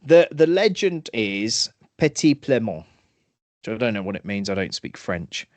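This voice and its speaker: A man's voice: fairly low pitch, sing-song, moderate pace, no room sound. Chatty British man, dry sound. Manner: chatty, self-mocking, recounts folklore. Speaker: podcast co-host. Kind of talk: casual chat, storytelling.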